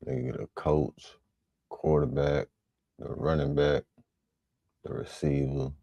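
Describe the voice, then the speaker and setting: Very deep, gravelly man. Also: little pitch movement, slow pace, dark tone, dry recording, highs cut off. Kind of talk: casual reaction talk.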